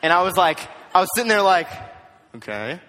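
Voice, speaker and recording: A young man tells a story from the pulpit in a slightly high voice, animated and jokey, slipping in quick impressions. His words ring out in a large hall with a long reverb tail. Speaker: youth speaker. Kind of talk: storytelling sermon talk.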